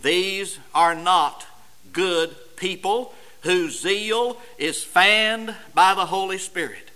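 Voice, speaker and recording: A man preaching a sermon emphatically, moving between loud declaiming and low, intense passages, and addressing the congregation directly. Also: slow, poor audio.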